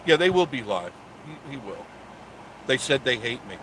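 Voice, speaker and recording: A man's voice: medium pitch, big pitch swings, normal speed, a bit bright, a little hiss or hum, rough recording. A man in his sixties hosting a live stream, chatting casually and joking sarcastically as he reads viewer comments. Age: 60s.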